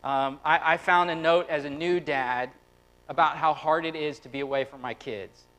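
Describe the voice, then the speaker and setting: A man in his thirties preaching a lively, conversational sermon, acting out quotes and turning quiet and tender at personal moments. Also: a little high, moderate pace, low-quality recording. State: close to tears. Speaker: pastor.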